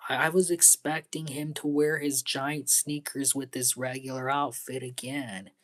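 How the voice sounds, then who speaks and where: A young man talking in a casual vlog monologue, halting and repeating his words, earnest and pleading, often dropping into breathy half-whispers. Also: medium pitch, little pitch movement. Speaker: vlogger.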